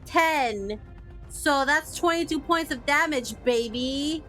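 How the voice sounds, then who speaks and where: High-voiced, unhurried woman player. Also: a bit bright, faint music behind. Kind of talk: casual tabletop gaming chat.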